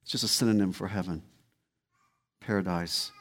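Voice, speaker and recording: A man's voice: sits low, fairly even intonation, moderate pace, fairly bright tone. A man preaching a sermon as pastor, emphatic and repeating key words. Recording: long hall reverb.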